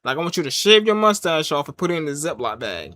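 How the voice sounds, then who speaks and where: A man voicing a menacing armed male robber in a low, hushed, threatening voice. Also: sing-song, fast talker, no room sound, clean studio sound.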